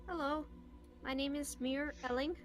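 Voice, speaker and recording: Woman, tabletop player, higher pitch, hesitant, soft-spoken, faint music underneath. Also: fairly even intonation, moderate pace. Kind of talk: casual tabletop play.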